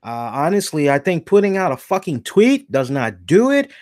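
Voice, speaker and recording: A man with a slightly raised pitch hosts a casual talk show. He talks bluntly and animatedly, swears freely and hiccups now and then after a beer. The sound is dry and close. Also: big pitch swings, moderate pace, a little mellow, no room sound. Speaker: podcast host. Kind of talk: casual commentary.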